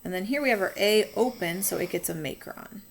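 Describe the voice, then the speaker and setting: A woman's voice: medium pitch, a little fast, vocal fry, a little hiss or hum. A woman teacher talking students through a phonics coding lesson, patient and encouraging.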